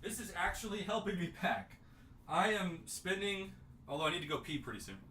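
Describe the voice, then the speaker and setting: Man in his thirties from New Mexico; high-pitched, emotional livestream host. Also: a little fast, a little hiss or hum. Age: 30s. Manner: emotional, excitable, ranting. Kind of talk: casual livestream chat.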